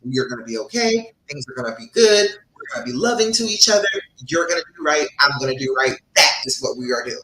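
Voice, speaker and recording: A woman's voice: sits low, expressive, fast, pushed and bright, echoey room, low-quality recording. A woman relationship coach hosting a live-stream advice session, speaking emphatically, laughing often and calling her viewers by name.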